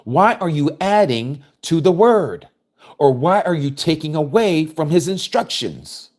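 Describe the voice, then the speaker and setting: A man's voice: a little high, expressive, measured pace, darkish tone. A man preaching a scripture study, reading verses aloud and commenting on them with emphasis. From United States.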